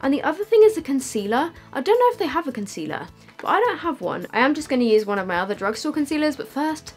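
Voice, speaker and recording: A woman's voice: sits high, sing-song, fast, faint music behind. A young woman with a slight lisp, chatting casually to camera as a beauty vlogger, with lots of fillers.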